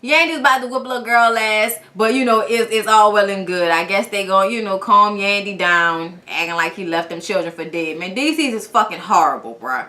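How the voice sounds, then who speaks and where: A woman reviewing a reality TV episode in a blunt, animated and profane casual rant. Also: medium pitch, moderate pace, few pauses. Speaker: TV show reviewer. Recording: echoey room.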